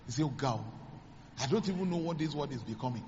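A Nigerian man, a pastor, preaching a sermon as dramatic storytelling, acting out the dialogue with sudden high exclamations. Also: lively intonation, fast talker, darkish tone, in a large hall, dull audio, slight background noise.

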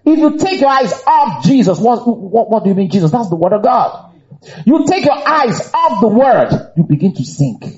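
A man preaching a sermon, emphatic and animated. He repeats phrases for emphasis and breaks into shouts and laughs. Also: very high voice, moderate pace, highs cut off.

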